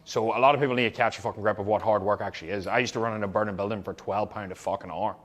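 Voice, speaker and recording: A man's voice: fairly low pitch, fairly even intonation, racing, a bit bright. A young man, a fitness coach, giving blunt, heavily profane, emphatic advice to fellow coaches.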